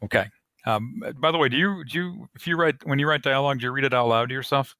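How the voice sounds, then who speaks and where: Bright dry-voiced male author. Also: mid-range voice, quick pace, no room sound. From United States. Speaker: author guest. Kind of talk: podcast interview.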